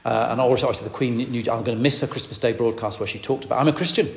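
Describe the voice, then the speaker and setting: Evangelist, quick rambling sermon voice, roomy hall with long reverb. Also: male voice, mid-range voice, creaky. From northwest England. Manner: rambling storytelling with many restarts. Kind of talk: sermon teaching. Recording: echoey hall.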